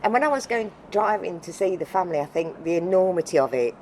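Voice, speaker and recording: Low-voiced middle-aged woman, heartfelt. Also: expressive, warm tone, slight background noise, low-quality recording. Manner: heartfelt, halting with repeated restarts. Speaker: interview guest, foundation founder. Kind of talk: emotional personal storytelling.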